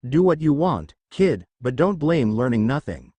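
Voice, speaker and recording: A man's voice: medium pitch, big pitch swings, a little slow, dark tone, no echo. A man voicing a blunt, curt female demon who brushes people off. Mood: gruff. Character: cool tough female primordial demon, blunt.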